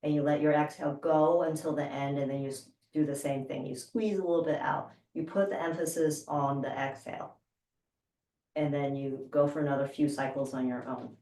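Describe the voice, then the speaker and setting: A woman instructor calmly guiding a breathing exercise with slow, measured cues. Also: deep voice. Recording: roomy sound from a distance.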